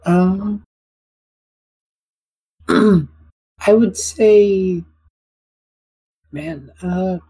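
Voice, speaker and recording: A woman's voice: mid-range voice, very slow, long pauses, dark tone, husky, low-quality recording. A woman co-hosting a casual tabletop podcast, reading listener questions and rambling with laughs. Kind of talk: casual chat.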